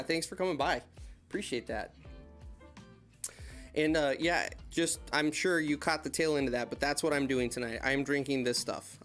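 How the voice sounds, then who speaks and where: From his desk, a US YouTube host who operates heavy equipment runs a relaxed live-stream Q&A in a mid-range, slightly bright voice. He chats in rambling anecdotes and calls out viewers by name.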